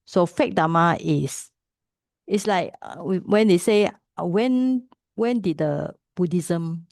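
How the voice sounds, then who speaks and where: A woman with a Malaysian English accent teaching Pali pronunciation, patiently repeating sounds slowly. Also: fairly low pitch, expressive, gravelly, darkish tone, no echo, studio quality. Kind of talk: pronunciation lesson.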